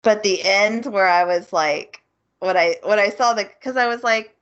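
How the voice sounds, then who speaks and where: A woman co-hosting a podcast, recapping a show's plot in a casual, animated way and acting out the characters' lines. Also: medium pitch, moderate pace. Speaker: podcast co-host. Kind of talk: casual chat. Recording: muffled lo-fi audio.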